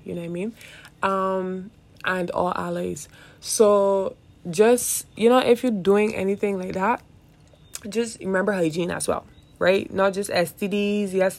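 A woman's voice: on the low side, vocal fry, darkish tone. A woman hosting a podcast, chatting casually in a rambling, profane way, often laughing and calling the listener "dog.". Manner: laughs often while talking. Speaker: podcast host. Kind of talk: casual chat.

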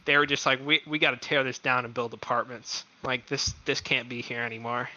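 A young man co-hosting a podcast, telling stories in an animated, profane, casual way. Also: mid-range voice, fairly quick. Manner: animated storyteller, heavy swearing. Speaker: podcast co-host. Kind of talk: casual chat. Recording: dull lo-fi sound.

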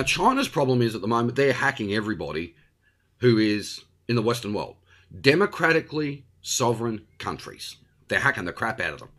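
A man's voice: on the low side, fairly bright tone. An Australian man hosting a blunt, opinionated monologue, full of tag questions like "okay?" and "right?". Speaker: host.

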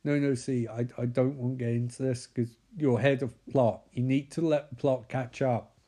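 A man's voice: mid-range voice, fairly even intonation, normal speed, warm tone, natural voice. A man doing a stammering, evasive boyfriend. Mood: awkward. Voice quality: hesitant, stammering. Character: awkward evasive young man in a horror film.

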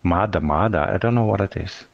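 A man's voice: low-pitched, a little fast, gravelly, no room sound. Inquisitive man, dull dry sound. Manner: curious, asks many questions, careful phrasing. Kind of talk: casual chat.

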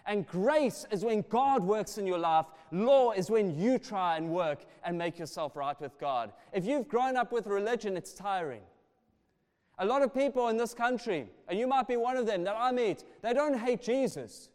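A man preaching a sermon, passionate and swinging between soft and loud delivery. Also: high-pitched, lively intonation, moderate pace. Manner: passionate, rising and falling in volume. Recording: long reverb of a large hall.

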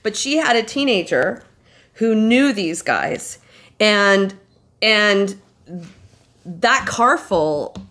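A woman guest telling a story in a casual chat, animated, swearing casually and laughing often. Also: mid-range voice, very slow, pauses often.

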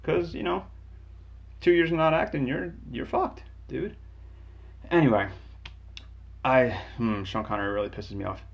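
Gravelly man in a profane rant. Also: normal speed, pauses often. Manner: angry, profane, sarcastic, jumps pitch for emphasis. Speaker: game reviewer. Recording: dull lo-fi sound.

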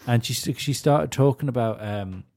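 A man's voice: medium pitch, normal speed, a little mellow. A man co-hosting a comedy podcast, telling stories in a laid-back, sweary way. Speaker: podcast co-host. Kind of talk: casual comedy chat.

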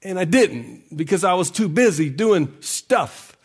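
A male pastor preaching a sermon, often breaking into a sung cadence and climbing to shouts. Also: high voice, lively intonation, measured pace, slightly rough.

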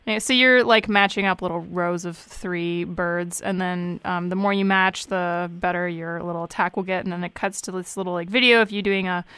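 A woman's voice: fairly low pitch, fairly even intonation, fairly quick, few pauses, sharp tone, clean tone, dry recording. A woman on a gaming podcast panel, chatting casually and laughing often between filler words. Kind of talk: casual chat.

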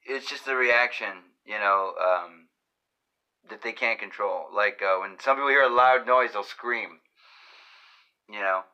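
A man's voice: on the low side, a little slow, pushed and bright. A man co-hosting a casual podcast chat, tossing in dry joking asides and swearing freely. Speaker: podcast co-host. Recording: dull lo-fi sound.

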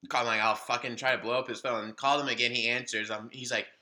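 Animated young man telling a story. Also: medium pitch, fast. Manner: animated, swearing, acts out quoted dialogue. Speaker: podcast co-host. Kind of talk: casual storytelling chat.

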